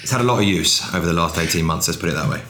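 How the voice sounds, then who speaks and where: An English man in his thirties, an actor speaking as an interview guest, telling stories in a lively, self-deprecating way with some swearing. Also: low-pitched, rapid-fire, noisy background. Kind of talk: casual conversation. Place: home, indoors. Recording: echoey room.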